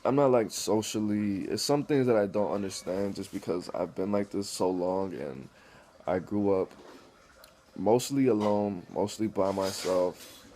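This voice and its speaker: A man speaks to the camera in a rambling, blunt monologue, swearing freely as he goes. His voice sits low and warm, with a soft, dark tone. A faint hiss runs under the recording. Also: a little slow. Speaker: vlogger.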